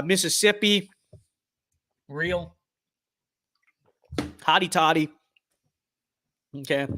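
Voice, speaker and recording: A young man streaming a game and commenting casually, hyped, jokey and boastful, often shouting with excitement. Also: a little high. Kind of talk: casual gaming livestream commentary.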